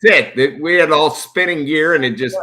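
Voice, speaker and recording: A man's voice: on the high side, a little fast, pushed and bright. A middle-aged man and sportfishing captain, chatting casually and restarting his sentences often. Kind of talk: casual chat.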